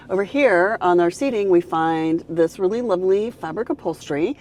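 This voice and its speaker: Woman doing a casual car walkthrough, upbeat, kinda low warm voice. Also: expressive, normal speed, few pauses, slight background noise. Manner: upbeat, explains features one by one. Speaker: car reviewer.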